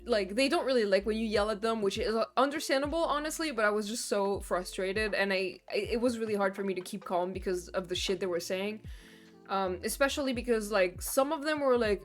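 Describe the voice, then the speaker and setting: A woman's voice: medium pitch, normal speed. A young woman streamer in casual chat, venting in long rambling runs full of fillers and swearing. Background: faint background music.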